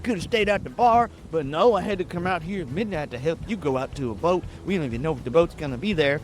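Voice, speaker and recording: A man's voice: a little high, lively intonation, quick pace, faint music behind, close to an everyday voice. A man voicing a grumbling young helper who cusses and complains about the late-night errand. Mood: annoyed whining. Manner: whiny, cussing complaints.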